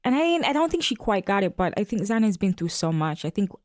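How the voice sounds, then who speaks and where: A woman speaking earnestly in a casual podcast conversation, pausing thoughtfully with fillers as she tells a family story. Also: mid-range voice, very animated, darkish tone, no echo, studio quality. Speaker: podcast guest, parent.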